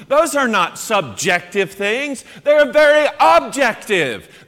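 Animated high-voiced male preacher in a hall. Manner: animated, acts out quoted voices, emphatic. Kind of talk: sermon. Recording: long hall reverb.

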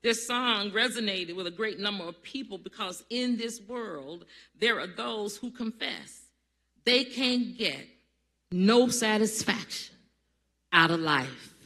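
A pastor delivering a Sunday sermon in a church sanctuary, speaking slowly with a bright, forward tone. The delivery is call-and-response, drawing answers from the congregation and building to loud, emphatic peaks. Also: medium pitch, lively intonation.

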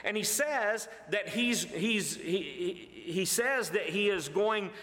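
A man's voice: high voice, expressive, slow, bright, forceful tone. A man teaching a verse-by-verse Bible sermon, earnest and emphatic, with frequent uh fillers and restarts. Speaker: pastor. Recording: echoey hall with long reverb.

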